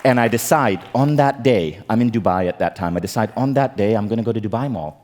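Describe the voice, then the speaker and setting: A man in his forties giving a keynote talk on stage, storytelling with comic, animated delivery and acted-out quotes. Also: fairly low pitch, fast talker, some chatter behind. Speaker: keynote speaker. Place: conference stage.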